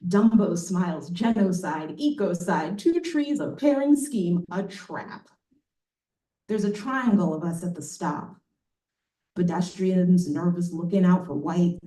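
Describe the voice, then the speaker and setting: A woman poet reading her verse aloud with a deliberate rhythm, dropping in relaxed, laughing asides between poems. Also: on the low side. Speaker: poet reading from a new book. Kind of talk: poetry reading with casual asides. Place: bookstore event space, indoors. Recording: echoey room from a distance.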